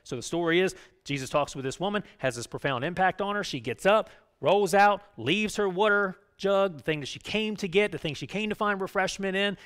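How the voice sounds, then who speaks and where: A man pastor giving a conversational sermon, often checking in with his listeners and swinging between emphatic raised lines and quiet low ones. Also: animated, fairly quick, hardly any pauses, clear, resonant tone. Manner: conversational preaching, frequent "right?" asides.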